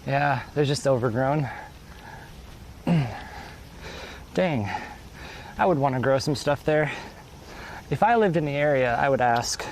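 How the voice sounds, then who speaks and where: Out on a countryside road, a walking livestreamer chats casually and answers his audience, slightly winded from the ascent. He speaks slowly and animatedly in a mid-range voice, pausing often. The recording is low quality, with a little hiss or hum.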